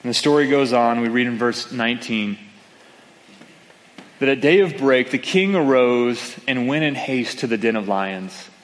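A man preaching from a pulpit, telling his story and the scripture in an easy, conversational way. His voice sits at an ordinary middle pitch. A long reverb trails after his words in a large church hall. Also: a little slow. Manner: conversational storytelling with acted-out quotes. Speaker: pastor. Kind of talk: sermon.

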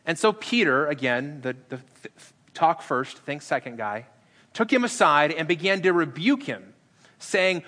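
Male pastor, middle-aged, sermon, conversational, acts out dialogue, bright tone. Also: on the high side, expressive, normal speed, in a large hall. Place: church sanctuary.

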